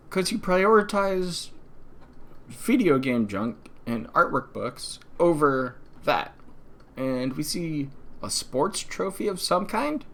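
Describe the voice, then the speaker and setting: A man's voice: a little high, sing-song, slow, fairly bright tone. A man hosting a livestream, giving sarcastic, mocking commentary on a video and mimicking the person in it. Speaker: livestream host.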